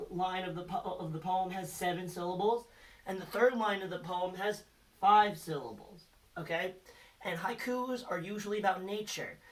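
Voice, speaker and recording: High and a little bright, the teacher's voice carries a recorded lesson for kids. He patiently encourages them and asks quiz questions using letter hints, sounding a little distant from the microphone.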